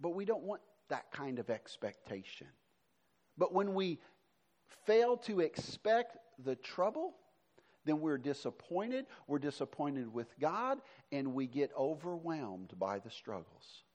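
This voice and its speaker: Middle-aged guy preaching a sermon, pretty high voice, goes loud then drops real soft. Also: very animated, slow. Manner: preaching with swings between emphatic and soft, hushed delivery. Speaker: pastor.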